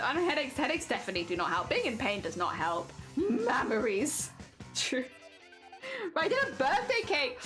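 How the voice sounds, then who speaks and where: A woman's voice: on the high side, a bit bright. A British woman chatting casually on a live stream, playful and giggly as she reads and answers chat. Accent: British English. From Britain.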